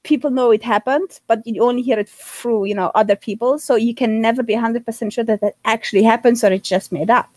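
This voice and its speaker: A woman with a hard-to-place, mixed accent talks as a guest in a relaxed live-stream chat. She speaks earnestly in long, winding explanations, with a slightly high voice. The sound is dry and close, with no room around it. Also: fast talker, few pauses, no echo.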